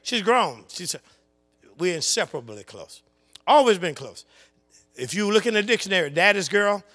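An older man preaching a sermon, telling a family story and calling out to the congregation, his voice swinging from low murmurs to impassioned shouting. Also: gravelly.

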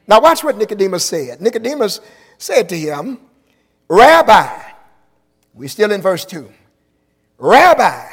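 A man preaching an impassioned sermon in a church, shouting and stretching out his phrases. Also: high-pitched, husky. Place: church sanctuary. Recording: long reverb in a large hall.

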